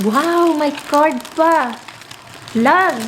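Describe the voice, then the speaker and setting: A woman's voice: high voice, drawn-out words, a bit bright, slight background noise, rough recording. A young Filipino woman with a Filipino accent, chatting casually to her viewers in a home vlog, emotional and teary, and pregnant. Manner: chatty, addresses viewers as "mga inday". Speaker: vlogger. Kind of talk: casual vlog chat in Taglish. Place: home indoors in the Netherlands.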